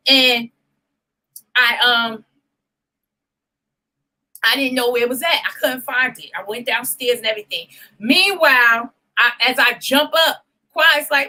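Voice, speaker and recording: A young woman co-hosting a casual chat show, telling a story in an animated, profane way and acting out the voices of people she quotes. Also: high voice, moderate pace, rough recording. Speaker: podcast co-host.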